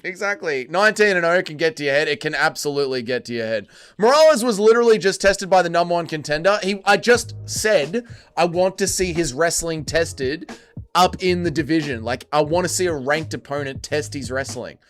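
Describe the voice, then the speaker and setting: Crude joking streamer. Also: male voice, a little high, animated, brisk, fairly bright tone. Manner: crude, joking, reads chat aloud. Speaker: livestream host. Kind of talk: casual livestream chat reading.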